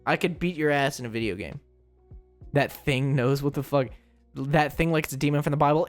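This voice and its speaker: A man's voice: on the high side, normal speed, no echo, faint music behind. A young man streamer in casual chat, rambling and joking, often stumbling and repeating words.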